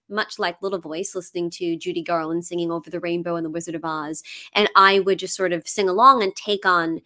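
A woman singer and impressionist chatting as an interview guest, animated and laughing often. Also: on the low side.

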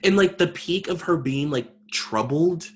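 A man's voice: fairly high pitch, lively intonation, measured pace, slightly rough. A man co-hosting a podcast, rambling sarcastically about celebrity gossip, swearing and saying "like" often. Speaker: podcast co-host. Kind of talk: casual gossip chat.

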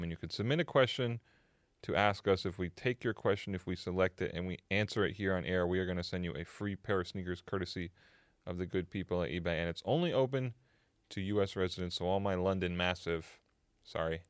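A man's voice: low voice, a little fast, smooth, no echo, studio quality. A man co-hosting a podcast, chatting casually, laughing easily and reading out a giveaway announcement. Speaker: podcast co-host. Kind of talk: casual chat.

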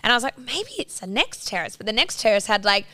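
A woman's voice: a little high, sing-song, quick pace, bright, forceful tone, no room sound, studio quality. A young woman in her twenties, telling a story in a rambling casual chat full of "like"s and swearing.

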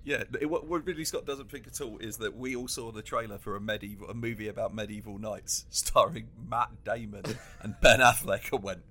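A man co-hosting a casual comedy chat, animated and laughing often as he riffs. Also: on the low side, a little fast, hardly any pauses, a little hiss or hum. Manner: animated, laughs often, acts out quoted lines. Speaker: podcast co-host.

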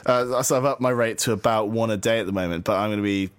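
A man's voice: lowish voice, quick pace, smooth. A man co-hosting a podcast in casual chat, easygoing and wry, laughing along with his partner. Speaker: podcast co-host.

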